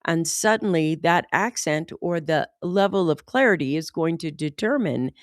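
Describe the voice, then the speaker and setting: An American woman talking casually as a host, animated and often saying "like". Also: low-pitched, normal speed, no echo, clean studio sound. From United States. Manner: animated, says "like" often, mimics accents. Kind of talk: casual conversation.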